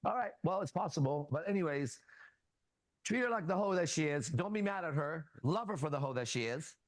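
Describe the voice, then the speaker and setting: A man hosting a casual talk show, coaching a younger man bluntly and profanely and telling animated stories with quoted dialogue. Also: a little high, brisk, dry recording. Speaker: host. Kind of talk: casual advice talk and storytelling.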